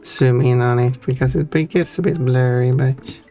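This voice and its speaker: A woman with an exceptionally deep voice chats with a streamer over a call. She makes dry, offhand quips, with faint music playing behind her. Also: fairly even intonation, normal speed, dark tone. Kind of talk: casual chat on a live stream.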